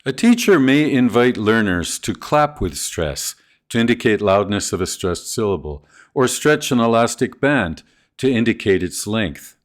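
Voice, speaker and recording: A man narrating a scripted video on teaching pronunciation, speaking in a clear, deliberate, instructional way. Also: on the low side, animated. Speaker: ESL teacher trainer.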